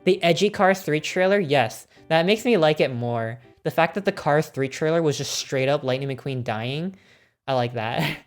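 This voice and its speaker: A woman streaming casually, ranking films with excited, swear-filled chat and frequent laughter. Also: low-pitched, moderate pace, soft background music.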